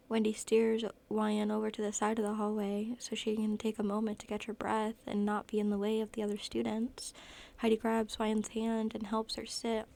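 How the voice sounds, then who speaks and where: Flat, gravelly woman reading a story. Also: mid-range voice. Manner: even storytelling with frequent self-corrections. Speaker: narrator. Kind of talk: reading fan fiction aloud.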